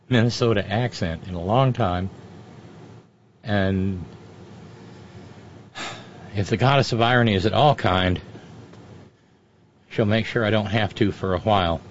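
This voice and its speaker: A man's voice: lowish voice, takes it slowly, pauses often, slight background noise. Sardonic, rambling male commentator. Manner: sardonic, profane, rambling with restarts. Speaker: political commentator. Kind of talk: off-the-cuff commentary. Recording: dull, dry lo-fi audio.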